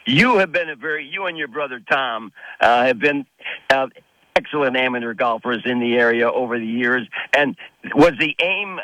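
A man hosting a radio talk show, his voice bright and forward with a slightly high pitch. He talks in a halting, casual way full of fillers and restarts. The sound is dry, dull and lo-fi, like a radio broadcast. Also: no room sound.

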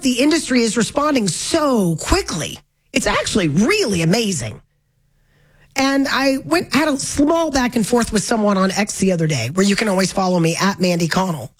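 A woman's voice: fairly high pitch, poor audio. A woman hosting a talk radio show, giving an opinionated monologue with wry, sarcastic asides and a voice a bit strained from smoke.

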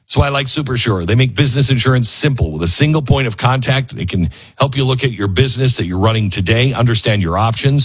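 A man's voice: lowish voice, slightly rough. A man hosting a talk radio show, rambling and self-mocking as he reads ads and reacts to headlines. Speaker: radio host.

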